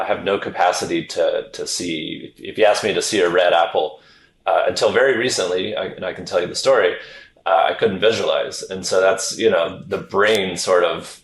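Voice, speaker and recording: A middle-aged man, a neuroscientist from the American South, speaking in a measured, reflective way as a podcast guest. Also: low voice, steady tone, vocal fry, echoey room, a little hiss or hum, low-quality recording. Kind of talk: podcast interview.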